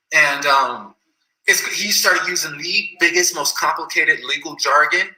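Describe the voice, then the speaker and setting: A man's voice: a little high, normal speed, pushed and bright. A man telling a story in a casual, rambling way, full of slang and repeated phrases, in an echoey room.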